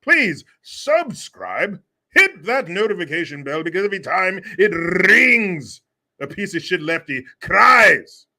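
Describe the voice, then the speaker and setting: A man doing a formal male butler voice, announcing slowly and grandly in a drawn-out way. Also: high voice, very animated, pushed and bright, full character voice.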